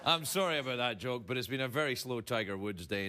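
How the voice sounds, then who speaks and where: A man's voice: mid-range voice, animated, fast, hardly any pauses. A man hosting a late-night show, delivering a playful, self-mocking comedy monologue in a TV studio. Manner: playful, self-mocking, with sudden put-on voices. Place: TV studio with live audience. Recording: studio audience laughter and noise.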